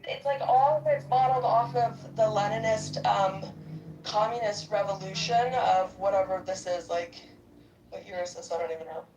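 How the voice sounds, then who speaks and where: A woman in casual group chat, talking in a blunt, crude and animated way. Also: mid-range voice, moderate pace, a little hiss or hum. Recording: roomy, distant mic.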